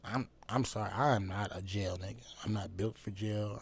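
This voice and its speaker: A man talking bluntly and profanely in a casual vlog monologue. He repeats phrases for emphasis and swings between loud outbursts and low mutters. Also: steady tone, normal speed, creaky, few pauses, slightly rough. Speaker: vlogger.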